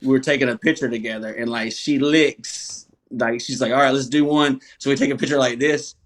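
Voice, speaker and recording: A man, a comedian guest, telling stories in a casual, animated, profane way and laughing often. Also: medium pitch, fairly quick. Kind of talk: casual storytelling interview.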